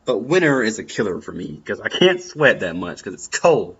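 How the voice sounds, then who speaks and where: A man's voice: fairly low pitch, big pitch swings, normal speed, fairly bright tone, husky. A young man giving earnest, encouraging advice in a personal talk, often repeating his phrases. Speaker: vlogger. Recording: dull lo-fi sound.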